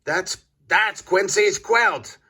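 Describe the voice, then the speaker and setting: A man voicing a loud, excitable female duck in a children's storybook, calling out and quacking. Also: medium pitch, slow, vocal fry, pitched above the performer's own voice, exaggerated voice. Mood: alarmed.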